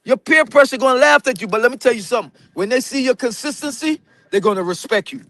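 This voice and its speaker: High-voiced Jamaican-accented man. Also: animated, fast, fairly bright tone. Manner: emphatic storytelling, drifts in and out of patois, says "brethren". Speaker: guest. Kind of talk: casual live-stream interview.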